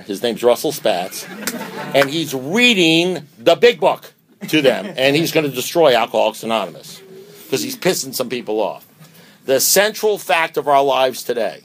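A man in the middle of a speaker talk at a recovery meeting, with a voice of ordinary pitch for a man. He preaches in an emphatic way and fires off rhetorical questions. His delivery swings between loud bursts and hushed asides. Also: a little hiss or hum.

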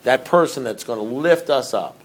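A middle-aged man speaks to a recovery group in an easy, rambling way, with a voice of ordinary pitch. He keeps turning to the room with questions. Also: expressive, moderate pace, slight background noise. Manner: rambling, conversational, asks the audience questions.

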